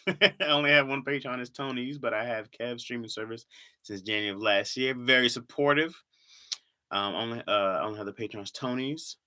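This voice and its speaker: A man's voice: mid-range voice, normal speed, bright, forceful tone. A man who does comedy, chatting casually on a live stream, reading comments aloud and laughing often.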